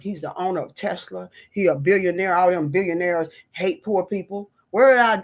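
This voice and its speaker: A woman's voice: on the low side, normal speed, hardly any pauses, lo-fi sound. A woman from the United States, a vlogger delivering an impassioned political rant in a fiery, preachy, emphatic way.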